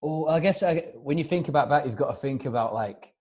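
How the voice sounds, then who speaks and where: A man talks quickly and loosely, his words tumbling out with plenty of fillers. His voice has a husky, slightly rough grain. It is a relaxed, casual chat. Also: fairly high pitch. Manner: rapid, rambling, lots of "like" fillers. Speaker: guest musician. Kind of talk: casual video-call chat.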